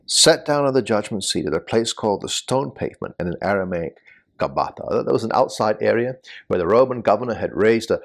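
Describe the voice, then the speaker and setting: Male preacher, gravelly voice, husky tone, lively pitch, measured then emphatic. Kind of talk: expository sermon.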